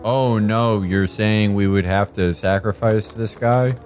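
A man playing in a tabletop game, joking in a deadpan way. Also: fairly low pitch, unhurried, faint music behind. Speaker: player.

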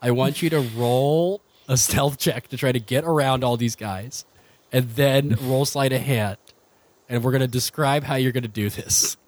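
A man's voice: mid-range voice, moderate pace, no room sound. A man narrating a tabletop game as game master, rambling with many fillers and frequent laughs.

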